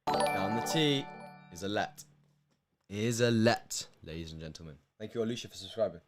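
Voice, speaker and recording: A young man from the United Kingdom commentating a match on a live stream, emotional, with hushed stretches and loud bursts. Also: on the low side, normal speed, over music.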